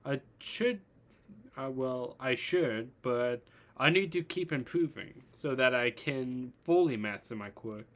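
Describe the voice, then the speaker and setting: Man playing an eager young hero, earnest, hesitant, slow delivery, fan storybook. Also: medium pitch, animated.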